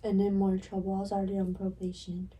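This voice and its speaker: A woman's voice: medium pitch, completely flat delivery, fast, warm tone. Young woman co-host, giggly and hesitant. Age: young adult. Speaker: podcast co-host. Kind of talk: casual chat. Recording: distant mic with faint noise.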